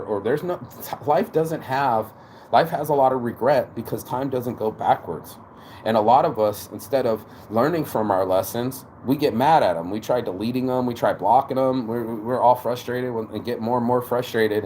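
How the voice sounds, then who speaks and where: A man giving a casual, animated motivational talk, preachy and peppered with swearing. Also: medium pitch, a little hiss or hum. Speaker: motivational vlogger.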